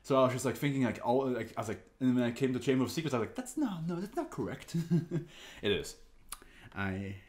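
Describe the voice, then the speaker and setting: A man's voice: medium pitch, quick pace. A man hosting an anime reaction video, chatting casually while he stands, jokey and laughing often.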